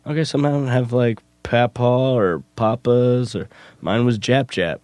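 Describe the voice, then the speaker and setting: A man co-hosting a comedy podcast, telling absurd stories in a deadpan, straight-faced way. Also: mid-range voice, a little slow, no room sound. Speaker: podcast co-host.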